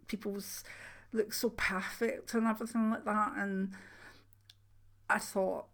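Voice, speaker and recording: An older woman with a soft Scottish accent, chatting casually to her channel viewers, rambling with frequent ums and restarts. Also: mid-range voice, level tone, slow. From Scotland. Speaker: channel host, retired clairvoyant. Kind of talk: casual chat to camera.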